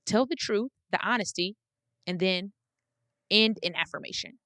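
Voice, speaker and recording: A woman's voice: mid-range voice, normal speed, bright, forceful tone, no room sound. A woman in her thirties hosting a podcast, giving blunt, emphatic advice in a casual monologue and repeating phrases for weight. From United States. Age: 30s. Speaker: podcast host.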